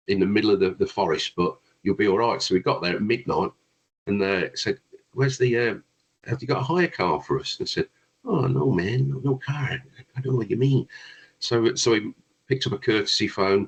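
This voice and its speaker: A man's voice: lowish voice, husky, muffled recording. A man, a guest brass player, telling long rambling anecdotes in a casual chat, with frequent restarts.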